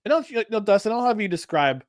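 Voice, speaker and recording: A man's voice: high voice, very animated, fast talker, no echo, clean studio sound. Rambling sports podcast co-host, man. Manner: rambling, many restarts and fillers. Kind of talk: casual sports chat.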